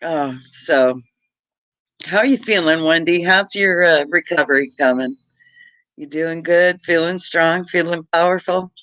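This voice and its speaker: A man's voice: fairly high pitch, measured pace, pushed and bright, dry recording, low-quality recording. A middle-aged man from Britain hosting a casual livestream, chatty and laughing often as he greets viewers by name. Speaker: homestead livestream host.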